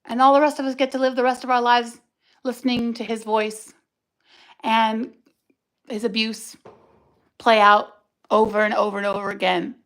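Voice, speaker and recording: A woman's voice: a little high, little pitch movement, normal speed, pauses often, fairly bright tone, poor audio. A woman speaking on a livestream, giving an emotional personal testimony, angry and raw, cursing and talking in bursts. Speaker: livestream host.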